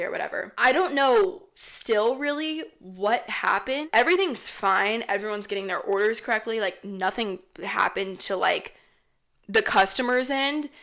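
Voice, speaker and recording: A woman's voice: medium pitch, lively intonation, unhurried, a bit bright. A young woman in her twenties, a podcast host telling a casual story, rambling, swearing a lot and saying "like" all the time. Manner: rambling, heavy swearing, lots of "like".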